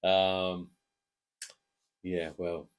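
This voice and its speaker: Relaxed English dad chatting football. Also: male voice, low-pitched, very slow, smooth. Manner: relaxed, hesitant with fillers, chuckling. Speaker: co-host giving match predictions. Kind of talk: casual chat.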